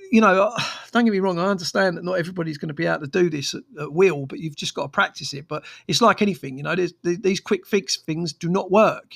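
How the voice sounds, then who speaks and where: A man's voice: high voice, vocal fry. A man, a therapist talking frankly on his own podcast with many fillers and restarts. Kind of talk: casual solo podcast monologue.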